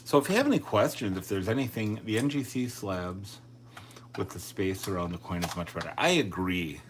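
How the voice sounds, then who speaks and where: A man's voice: on the low side, expressive, normal speed, background noise. A man chatting casually on a live stream, thinking aloud and joking at his own expense. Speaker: coin collecting live streamer.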